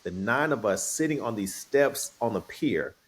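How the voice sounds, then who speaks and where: A middle-aged man with a fairly low voice talks as a guest, easygoing and playful. He tells his story casually and slips into acting out what others said. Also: moderate pace, slightly rough. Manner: relaxed, playful, acts out quoted voices.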